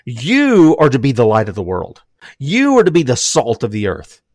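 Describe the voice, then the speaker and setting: An older man delivers an impassioned sermon with fervor, saying he is emotional. His middle-pitched voice swoops wildly at normal speed, shifting between loud, emphatic declarations and low, hushed lines, and the recording is close and dry without room echo.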